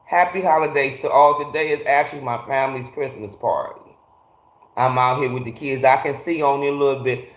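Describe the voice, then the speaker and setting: A man's voice: mid-range voice, brisk. A man hosting a casual livestream, ranting bluntly with lots of swearing and greeting his chat viewers by name, talking into a phone from a garage. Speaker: livestream host. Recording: echoey garage.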